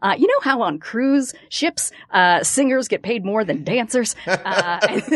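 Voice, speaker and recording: A woman's voice: medium pitch, a little slow, no echo, clean studio sound. A woman guesting on a comedy podcast, chatting casually and laughing as she wanders through tangents. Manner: lively, laughing, meandering tangents. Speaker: podcast guest, co-host of a dog podcast.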